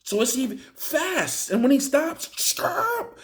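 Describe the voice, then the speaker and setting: A young man telling a story in a casual, animated way, full of slang and profanity, often checking in with "right?". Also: very high-pitched, measured pace. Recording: roomy echo.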